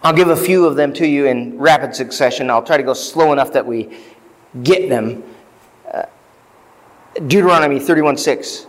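A man's voice: mid-range voice, moderate pace, long pauses, long reverb tail, poor audio. A man preaching a sermon as pastor, chatty with fillers and asides, lifting his voice when he reads scripture. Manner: reads scripture aloud with rising emphasis. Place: church sanctuary.

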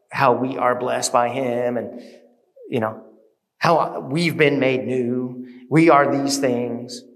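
A man preaching a sermon as pastor, shifting between quiet reflection and loud, passionate urging. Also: mid-range voice. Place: church sanctuary. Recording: long reverb of a church hall.

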